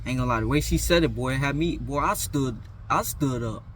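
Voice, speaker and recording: A man's voice: mid-range voice, brisk, a bit bright, a little hiss or hum. A young man telling a school story in a casual, slangy, self-mocking way. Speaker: vlogger.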